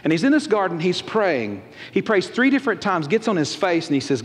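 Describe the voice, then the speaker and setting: A pastor preaching a folksy, animated sermon and acting out quotes. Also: male voice, sits high, brisk, few pauses. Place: church auditorium. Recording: long reverb of a large church hall.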